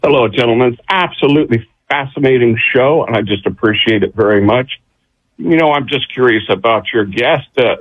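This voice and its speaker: A man's voice: mid-range voice, husky. A man from California calling into a radio show, polite and eager, rambling a bit into his stories. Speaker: caller. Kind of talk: radio call-in. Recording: tinny phone line.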